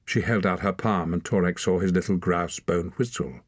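A man's voice: low-pitched, fairly even intonation, moderate pace, hardly any pauses, no echo. A man narrating a story as an audiobook reader, reading expressively. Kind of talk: scripted narration.

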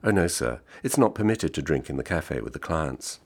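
A man's voice: extremely low pitch, sing-song, moderate pace, slightly rough, heavily acted. A man reading the part of a shy, dutiful young Swiss café waitress, speaking demurely. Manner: demure, polite, formal.

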